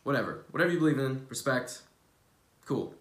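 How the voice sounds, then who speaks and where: Bright-voiced man, casual spiritual vlog. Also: medium pitch, fairly quick. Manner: loose, swears freely, earnest and preachy. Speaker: spiritual wellness vlogger. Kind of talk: casual motivational vlog talk. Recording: roomy echo.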